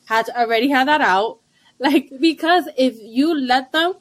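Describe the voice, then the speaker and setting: Animated young mom with a high voice. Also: female voice, unhurried, no echo. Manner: animated, laughs often, blunt. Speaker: podcast co-host, stay-at-home mom. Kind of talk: casual chat.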